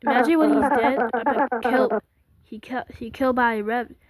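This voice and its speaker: A woman's voice: fairly high pitch, fairly even intonation, moderate pace, a loud crowd. A woman doing let's-play commentary, reading game dialogue aloud and gasping and squealing at the scares. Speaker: gameplay commentator. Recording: loud game music over the voice.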